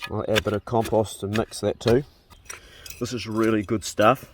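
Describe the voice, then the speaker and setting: A man's voice: lowish voice, flat delivery, moderate pace, slight background noise. A man with a New Zealand accent, chatting casually through a farm vlog filmed outdoors on his phone, talking to his animals as he goes. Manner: chatty, easygoing, talks to animals. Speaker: vlogger.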